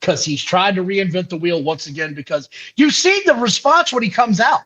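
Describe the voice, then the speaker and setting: Male co-host, high and animated voice, dismissive recaps, muffled lo-fi recording. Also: normal speed. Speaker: podcast co-host. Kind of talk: casual wrestling podcast chat. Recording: dull lo-fi audio.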